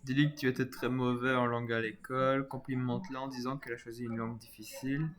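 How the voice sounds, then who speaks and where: A man streams a video game live, his voice sitting in the middle range. He reads out each option with a joking tone and tosses in quick asides between them. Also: medium pitch, flat delivery, a bit bright.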